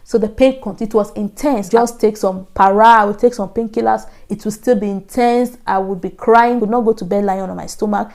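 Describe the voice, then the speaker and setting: Nigerian woman telling her story, mellow voice. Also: medium pitch, steady tone, fairly quick, hardly any pauses. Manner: earnest storytelling, acts out her own past thoughts in soft asides. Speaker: vlogger. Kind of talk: casual storytelling to camera.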